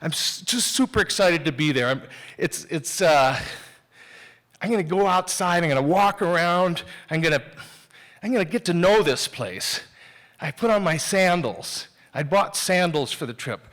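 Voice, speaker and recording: A man with a fairly high voice tells a personal story before a live theater audience. He is candid and self-mocking, speaking in a loose, conversational way that doubles back and restarts. The telling feels unscripted and personal. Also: animated, moderate pace, a bit bright.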